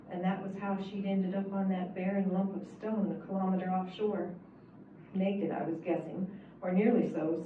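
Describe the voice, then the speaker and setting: A woman, the author, reading her own first-person novel aloud in a measured, wry storytelling manner. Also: medium pitch. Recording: echoey, distant, phone-like and hissy.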